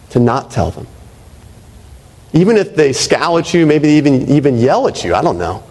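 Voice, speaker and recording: A man's voice: mid-range voice, sing-song, moderate pace, long pauses, darkish tone. A male pastor preaching a sermon in a conversational way, often checking in with "right?". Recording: reverberant hall.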